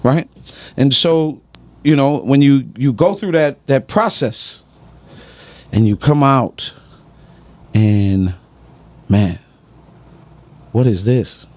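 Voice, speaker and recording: A man's voice: medium pitch, darkish tone. A man giving emphatic, preachy personal testimony on a podcast, often asking "right?".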